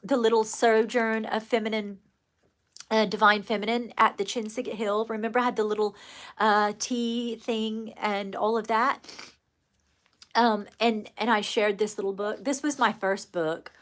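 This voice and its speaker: A woman's voice: a little high, steady tone, a little slow, a bit bright. Gushing woman with light British RP. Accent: light adopted British RP. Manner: gushing and affectionate, calls viewers darling, says little often. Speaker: livestream host and children's book author. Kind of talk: casual livestream chat.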